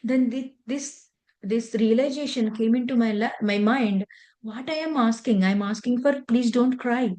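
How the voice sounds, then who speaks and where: A woman's voice: on the high side, normal speed, dark tone. Earnest woman teaching meditation. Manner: earnest, conversational, loose grammar. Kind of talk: spiritual lesson with personal story.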